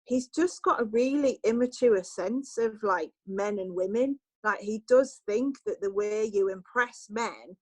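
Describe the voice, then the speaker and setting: A woman journalist shares a story during relaxed podcast chat, animating it by voicing the lines people said. Her medium-pitched voice is unhurried with few pauses, and the recording is dry and low quality.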